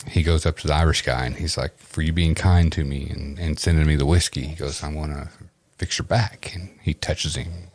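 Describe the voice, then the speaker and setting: Low-voiced laughing Southern man. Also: steady tone, brisk, a little mellow, dry recording. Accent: Southern US, East Tennessee. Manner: laughs a lot, drawling storyteller. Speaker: podcast host. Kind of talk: casual chat, telling a joke.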